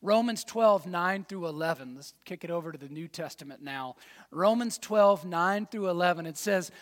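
A man preaching a sermon as pastor, folksy and direct, dropping to quiet asides and then rising to loud fired-up exhortation. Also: sits high, animated, moderate pace, long reverb tail. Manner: folksy, addresses congregation as y'all and man.

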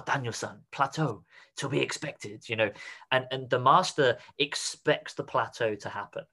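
Man, podcast host, casual interview chat, rambling, mid pitch. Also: bright, forceful tone. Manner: rambling, explains with examples and put-on quotes.

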